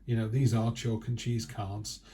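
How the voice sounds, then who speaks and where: A man's voice: fairly low pitch, level tone, measured pace, dark tone. A man giving a casual, chatty tarot reading who acts out quoted remarks in other voices. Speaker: tarot reader.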